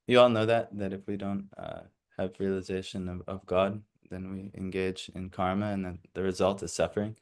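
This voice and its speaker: Leading a scripture class in a low, flat, clean-toned male voice at normal speed, he reads passages out and explains them informally. Steady reading gives way to casual, filler-laden asides, and he stumbles a little over Sanskrit recitation.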